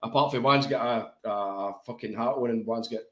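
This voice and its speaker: A man's voice: mid-range voice, normal speed, a bit bright. A man with a Glaswegian Scottish accent co-hosting a football podcast, talking in blunt, sweary banter. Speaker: podcast co-host. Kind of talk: casual football chat. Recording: echoey room.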